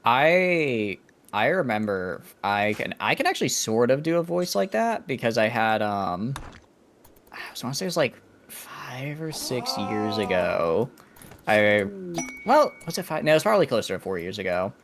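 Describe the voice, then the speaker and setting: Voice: medium pitch, big pitch swings, moderate pace, slight background noise. Rambling, self-mocking co-streamer. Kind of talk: casual game stream chat.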